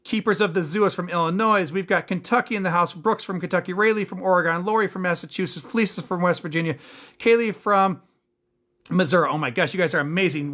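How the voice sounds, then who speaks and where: A man's voice: fairly high pitch, a bit bright. A man hosting a casual livestream, reading out viewer names and comments in an upbeat, thankful way. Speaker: livestream host.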